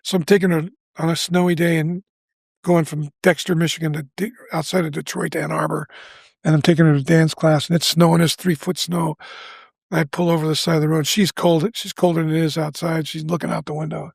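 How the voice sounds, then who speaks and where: A man in his seventies, appearing as a guest on a podcast interview, earnestly tells a candid personal story, often restarting sentences and acting out what people said. His gravelly, husky, darkish voice sits a bit high for a man, with little pitch movement and a brisk pace. The sound is close and dry, with no echo.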